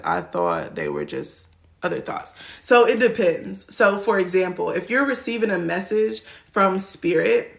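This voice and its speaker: Woman in her twenties, gravelly fry, easygoing slangy teacher chatting to a live audience. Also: on the low side. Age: 20s. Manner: loose and slangy, laughs often, acts out quoted voices. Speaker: spiritual teacher on a livestream. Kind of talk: casual livestream teaching chat.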